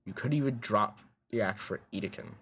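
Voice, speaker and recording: A weary, bitter young man from a story game sneers in short, cutting lines, as a man voices him. His voice sits lower and quieter than ordinary talk, with a husky edge. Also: brisk. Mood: scornful. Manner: sneering, clipped, sarcastic.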